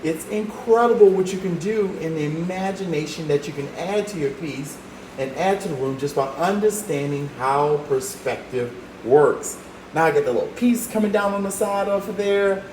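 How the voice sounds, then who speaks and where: A man's voice: fairly high pitch, warm tone, a little hiss or hum. A man teaching a drawing lesson, talking the viewer through each step with encouragement. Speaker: art teacher. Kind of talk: drawing demonstration. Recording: roomy echo, faint ambience.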